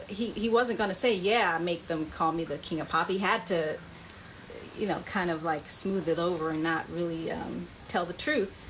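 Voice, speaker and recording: A woman hosting a live online chat, answering fan questions and reading out comments in a relaxed, chatty way. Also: on the low side, slight background noise, low-quality recording. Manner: chatty, reads out viewer comments, laughs often.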